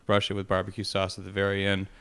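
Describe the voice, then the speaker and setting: A man's voice: low voice, monotone, quick pace, fairly bright tone, clear, resonant tone. A man who is a guest chef, explaining fish and recipes in easy, informative chat. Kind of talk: casual chat.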